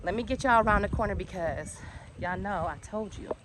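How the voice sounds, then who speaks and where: A woman giving a casual walk-and-talk tour of her backyard garden. She talks in an excitable, chatty way and drifts off topic easily. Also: medium pitch, fairly quick. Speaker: home gardener and channel host. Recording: outdoor noise with birds and passing traffic.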